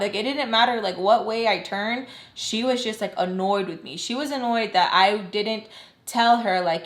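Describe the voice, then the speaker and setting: A young woman telling a personal storytime to her viewers, casual and expressive, with lots of fillers and swearing. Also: mid-range voice, normal speed, roomy sound. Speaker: vlogger. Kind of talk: storytime vlog.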